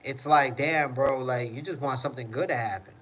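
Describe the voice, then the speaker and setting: A man's voice: mid-range voice, a little fast, a bit bright, slight background noise, low-quality recording. A man hosting a casual livestream, reading chat comments and answering in a rambling way, often repeating "you know what I mean".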